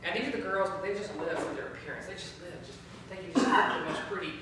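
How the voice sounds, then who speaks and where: A man who leads a youth ministry, giving a storytelling training talk, lively and often repeating words as he searches for them. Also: high-pitched, quick pace, distant mic, a crowd in the background. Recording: echoey room, voice from afar.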